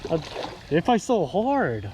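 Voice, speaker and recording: A young man filming his fishing trip on a creek, talking casually and excitedly, repeating his exclamations and calling his friends bro and dude. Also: high-pitched, slow pace. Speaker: fishing vlogger. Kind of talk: casual outdoor fishing commentary. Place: outdoors on a creek. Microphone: action camera. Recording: outdoor camera audio with loud water noise.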